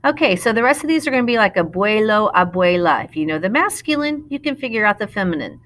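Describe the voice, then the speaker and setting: A woman, a Spanish teacher, talking through a recorded lesson in a patient, explanatory way. She slows down to model the Spanish words. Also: medium pitch, sing-song, a bit bright. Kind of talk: recorded classroom lesson narration.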